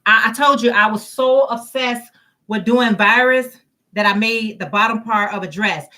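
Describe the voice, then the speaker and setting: A woman's voice: on the high side, moderate pace, pushed and bright. A woman hosting a crochet livestream, chatting casually, greeting viewers by name and reading their comments aloud.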